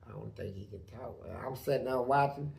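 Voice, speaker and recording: A man's voice: mid-range voice, brisk, creaky, a little mellow, reverberant. A man telling a prison story in a blunt, profane way, full of sound words. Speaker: storyteller guest.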